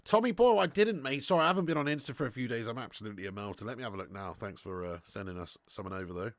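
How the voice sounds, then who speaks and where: Young bloke, gravelly voice, casual football chat with viewers, dry close sound. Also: male voice, medium pitch, racing, dry recording. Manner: chatty, laughs often, reads out viewer comments, swears freely. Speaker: football watch-along host. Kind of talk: live casual chat and match commentary.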